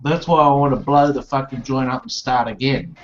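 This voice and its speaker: A man in casual banter on a video call, loud and joking, swearing a lot. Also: medium pitch, steady tone, a little fast, a little hiss or hum. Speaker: hangout participant. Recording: dull lo-fi video call audio.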